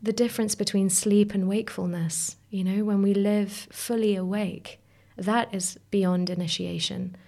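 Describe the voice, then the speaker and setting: A woman's voice: medium pitch, steady tone, normal speed, vocal fry, few pauses, darkish tone. A woman guest in a reflective conversation, musing and searching for words, sometimes dropping to a whisper. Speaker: podcast guest.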